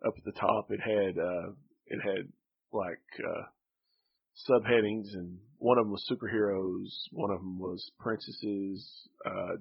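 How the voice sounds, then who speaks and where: A man's voice: on the low side, vocal fry, slightly rough, muffled recording. A man chatting casually as a podcast co-host, laid-back and rambling. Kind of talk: casual chat.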